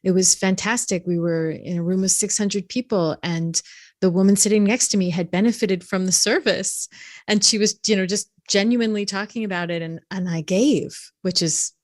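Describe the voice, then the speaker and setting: A woman's voice: mid-range voice, steady tone, moderate pace, a little mellow. A woman hosting a podcast interview, asking friendly, thoughtful questions. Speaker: podcast host.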